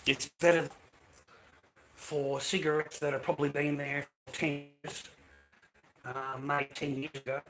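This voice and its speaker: A man's voice: a little high, little pitch movement, unhurried, long pauses, fairly bright tone. An Australian man chatting casually on a livestream from his kitchen at home, rambling and swearing freely while calling viewers mate and bro.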